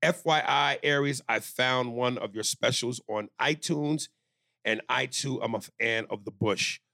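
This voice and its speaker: A man co-hosting a comedy podcast in casual chat, loud and playful, slipping into silly bits. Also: mid-range voice, unhurried, creaky, no room sound. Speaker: podcast co-host.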